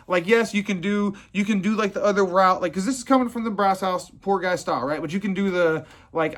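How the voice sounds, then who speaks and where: Man, high-pitched, blunt and profane business owner, rambling talk. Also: expressive, fast talker. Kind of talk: casual motivational talk.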